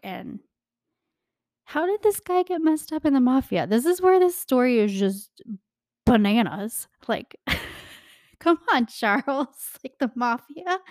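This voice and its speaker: A young woman tells a crime story in a loose, chatty way. She laughs a lot and talks to her listeners as friends. Her voice sits at an everyday pitch and sounds dry and close, with little room sound. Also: dry recording. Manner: chatty, animated, laughs often, addresses listeners as "you guys". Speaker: podcast host. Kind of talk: casual true-crime storytelling.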